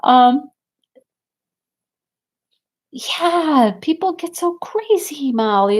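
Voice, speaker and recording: A woman vlogger telling stories in a casual chat, animated and often laughing. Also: high voice, takes it slowly, long pauses.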